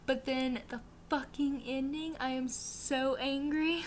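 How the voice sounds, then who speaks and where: A woman's voice: high voice, fairly even intonation, takes it slowly, few pauses, slight background noise. A young woman from the American South with a Southern accent, chatting casually and rambling through a book wrap-up, full of fillers and the odd swear. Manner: chatty, rambling, lots of likes and ums, swears for emphasis. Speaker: book vlogger. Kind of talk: casual reading wrap-up chat.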